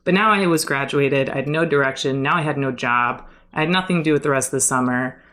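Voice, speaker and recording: A woman's voice: extremely low pitch, fast talker, a bit bright. A young woman, a podcast guest and yoga teacher, telling a story in a chatty way full of fillers and "like"s. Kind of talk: casual storytelling.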